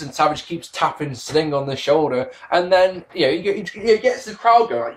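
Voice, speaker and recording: Lively, sarcastic man. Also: high voice, moderate pace, hardly any pauses. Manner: sarcastic, exasperated, swears freely. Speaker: wrestling reviewer. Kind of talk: casual spoken review.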